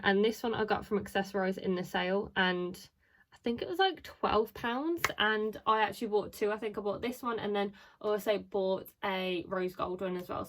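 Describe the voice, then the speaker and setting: A woman, talking to the camera in a casual, chatty vlog. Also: mid-range voice. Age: 20s. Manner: chatty and bubbly, lots of "like" and "so". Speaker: vlogger.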